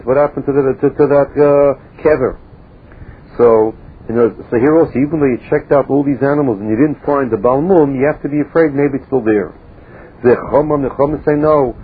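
A man's voice: mid-range voice, slightly rough. A man giving a Talmud lecture, reading each Aramaic phrase aloud and then explaining it in English, step by step. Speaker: Talmud teacher. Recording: tinny phone-line audio.

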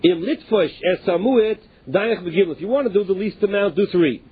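A man's voice: high-pitched, fairly quick, breathy edge. A man teaching a Talmud passage. He reads each Aramaic phrase and then restates it in plain English. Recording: tinny phone-line sound.

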